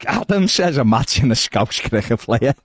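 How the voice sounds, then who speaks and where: A man's voice: mid-range voice, normal speed, over a noisy crowd. A man co-hosting a casual podcast, reading out viewer comments with jokey banter. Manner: jokey, animated, swings into mock voices.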